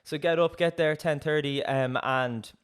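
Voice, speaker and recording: A man's voice: fairly high pitch, unhurried, clear, resonant tone. A young man, a podcast co-host telling a story in casual chat, acting out quoted dialogue with frequent laughs. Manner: lively, acts out quoted dialogue, laughs often.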